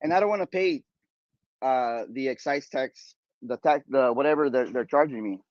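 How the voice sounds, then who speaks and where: A man hosting a podcast, retelling a story in a rambling, animated way with lots of fillers and restarts. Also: medium pitch, moderate pace, no echo, highs cut off. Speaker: podcast host. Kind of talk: casual storytelling chat.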